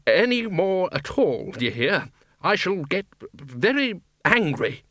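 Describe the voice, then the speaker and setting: A man voicing a loud, gruff, blustery old wizard who heads a university, in an audiobook reading. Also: high-pitched, sing-song, slow pace, no room sound, studio quality, pitched above the performer's own voice, full character voice. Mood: angry roaring. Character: bellowing blustery old male wizard head.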